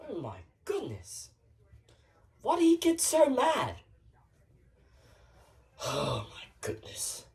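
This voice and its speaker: A clumsy shop worker mutters defensive, exasperated replies, as a single performer puts him on. The speech is slow, and the pitch moves around a lot. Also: very animated, creaky, a bit bright, far from the mic, heavily acted. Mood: flustered.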